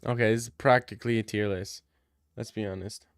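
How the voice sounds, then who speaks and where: A man's voice: on the low side, steady tone, a little fast, clear, resonant tone, no echo, studio quality. A young man ranting jokily in a mocking comedic style, full of slang. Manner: slangy, jokey, slips into mock street talk.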